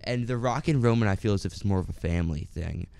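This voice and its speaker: Young dude co-hosting, real deep smooth voice, laid back. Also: male voice, fast, darkish tone. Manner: easygoing, hands questions to his co-host. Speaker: co-host of a wrestling talk show. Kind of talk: casual chat.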